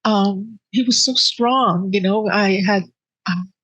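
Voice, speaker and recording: A woman telling her personal grief story in an interview, with earnest, halting speech full of restarts that sits close to tears. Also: mid-range voice, slightly rough, no room sound, low-quality recording. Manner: soft and emotional, close to tears.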